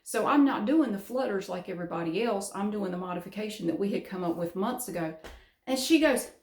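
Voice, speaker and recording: A middle-aged woman with a Southern US drawl rambles frankly to her camera, dropping casual swear words. Her voice sits at an ordinary pitch. The room around her rings with noticeable echo. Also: fast talker, a little mellow. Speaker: vlogger. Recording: roomy echo.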